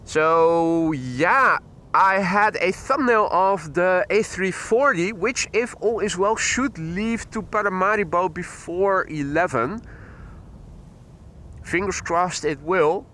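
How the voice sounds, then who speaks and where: Bright-voiced man hosting a live airport stream. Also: sits high, slow. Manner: chatty, greets viewers by name, mixes in Dutch and German greetings. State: slightly stuffy nose. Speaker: plane spotting livestream host. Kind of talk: casual live commentary. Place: outdoors at an airport. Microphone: wireless clip-on mic on his t-shirt.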